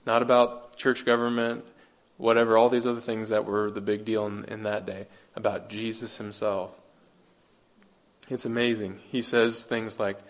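Earnest male preacher asking rhetorical questions. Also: on the low side. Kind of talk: sermon.

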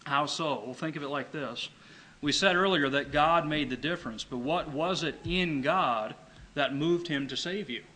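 A man preaching a sermon, emphatic, repeating key phrases and slowing down to read scripture. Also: on the high side, sharp tone, low-quality recording.

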